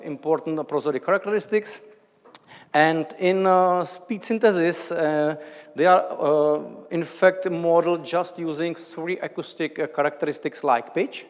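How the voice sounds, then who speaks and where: A man's voice: a little high, long reverb tail. A man from the Czech Republic with a Czech accent, giving an academic lecture in a hesitant way, with many fillers and restarts. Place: large lecture hall.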